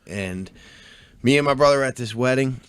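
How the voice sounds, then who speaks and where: A man's voice: medium pitch, moderate pace, clear, resonant tone. A man from the in his thirties, a podcast guest telling rowdy stories in casual chat, swearing freely and acting out the other people in them. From Delaware County, Pennsylvania. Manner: profane, animated, acts out voices in anecdotes.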